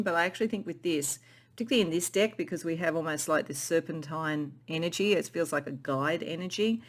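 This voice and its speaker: Bright-voiced musing tarot reader. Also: medium pitch. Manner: intuitive, musing, often repeats and restarts phrases. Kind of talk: pick-a-card tarot reading.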